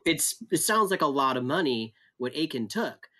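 A man's voice: mid-range voice, sing-song, normal speed, sharp tone. Reflective man in a Bible study chat. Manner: reflective, thinks aloud with restarts. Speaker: pastor.

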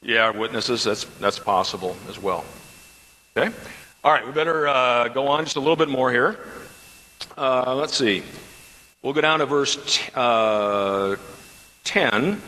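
Pastor in a big echoing hall. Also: male voice, mid-range voice, unhurried, long pauses, bright, forceful tone. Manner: conversational, repeats questions from the class. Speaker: pastor teaching Bible class. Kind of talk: Bible study teaching.

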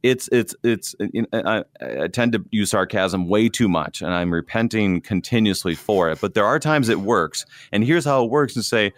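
A man, a preacher, chatting about scripture in an animated, self-deprecating way and quoting verses. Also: on the low side, moderate pace, few pauses, dry recording. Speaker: preacher and co-host. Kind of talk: conversational Bible discussion.

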